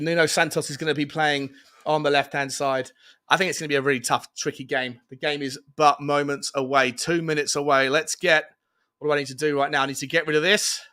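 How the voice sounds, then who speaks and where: A man hosting a live fan watchalong stream, chatting excitably and reading out viewer comments. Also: fairly high pitch. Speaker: fan show host. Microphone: earphones with mic, webcam.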